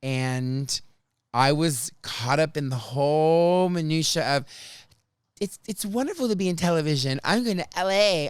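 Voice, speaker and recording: A man hosting a podcast, telling stories from his life in a chatty, animated way. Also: a little high, measured pace, smooth, no echo, studio quality. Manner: chatty, animated, restarts and laughs often. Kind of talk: casual storytelling chat.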